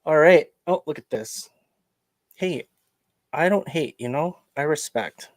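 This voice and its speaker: A man's voice: fairly high pitch, lively intonation, measured pace, no room sound. Chatty male podcast host, dry sound. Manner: chatty and joking, greets viewers, many fillers. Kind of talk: casual livestream podcast chat.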